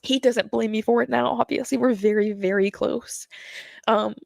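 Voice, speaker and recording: A woman's voice: fairly high pitch, fairly even intonation, normal speed, gravelly, darkish tone, dry recording. A young woman telling a painful personal story to her viewers, rambling and slangy with many fillers, nervous and close to tears. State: nervous, sweating.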